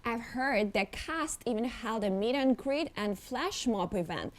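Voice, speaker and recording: Higher-voiced woman co-host. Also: lively intonation, unhurried.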